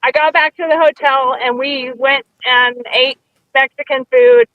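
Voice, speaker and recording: A woman's voice: high-pitched, fairly even intonation, a little slow, no echo, narrow, tinny audio. A woman co-hosting a podcast, telling a story in casual chat and acting out the quotes. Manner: chatty storyteller, acts out quotes. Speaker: podcast co-host.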